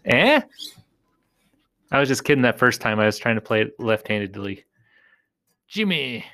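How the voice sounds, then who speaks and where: A man's voice: medium pitch, big pitch swings, normal speed, pauses often, pushed and bright. A man chatting casually to his viewers while playing a rock video game, joking, self-deprecating and drifting between topics. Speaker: video creator.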